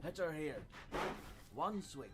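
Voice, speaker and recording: A rough sailor on a doomed ship, barking blunt orders in a high, strained voice. Heavy noise smothers the game audio around him. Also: expressive, slow pace. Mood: grim.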